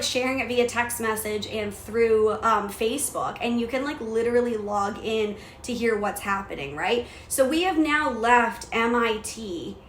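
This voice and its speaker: A young woman hosting a podcast, telling a personal story in casual, profane, animated talk. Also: a little high. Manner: profane, animated retelling with quoted outbursts. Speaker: podcast host. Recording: echoey room with faint noise.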